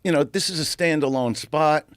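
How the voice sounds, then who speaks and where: A man telling a profane, animated comedy story in casual conversation. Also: on the high side, normal speed, clear, resonant tone, no room sound, studio quality. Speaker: comedian guest.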